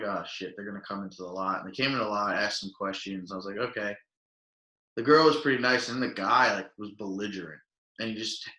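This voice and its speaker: A young man telling rambling stories in casual podcast chat, full of fillers and acted-out quotes. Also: lowish voice. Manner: rambling, filler-heavy, animated quoting. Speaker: podcast co-host. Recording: echoey room.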